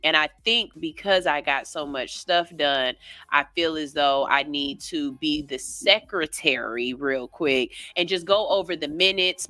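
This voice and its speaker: A woman's voice: low-pitched, bright, forceful tone, dry recording. A woman hosting a morning radio show, rambling loosely, cursing casually and laughing at herself, on a studio microphone.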